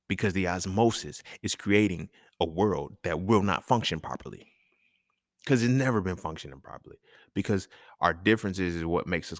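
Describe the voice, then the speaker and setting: A man's voice: low voice, no echo, clean studio sound. A man hosting his own talk show, delivering a casual, profane monologue full of slang and laughter. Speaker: podcast host.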